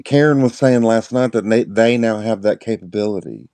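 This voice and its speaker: A man's voice: lowish voice, moderate pace, warm tone. A man co-hosting a live sale, chiming in with playful quips and teasing remarks in casual banter.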